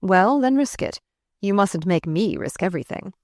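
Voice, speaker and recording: A woman voicing a charming, flustered gentleman who speaks to a child fondly and teasingly but uneasily, in an audiobook. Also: medium pitch, lively intonation, normal speed, no echo, clean studio sound, close to an everyday voice.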